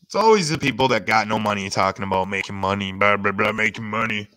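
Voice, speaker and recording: A man's voice: on the low side, quick pace, sharp tone. A man hosting a reaction video, making crude, mocking asides about the clips. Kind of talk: casual reaction commentary.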